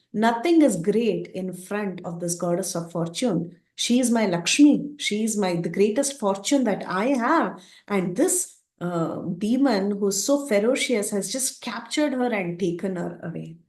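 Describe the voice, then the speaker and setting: A woman's voice: mid-range voice, a little mellow, echoey room, natural voice. A woman voicing a noble young warrior prince who is stricken with grief, speaking in an emotional, pleading way.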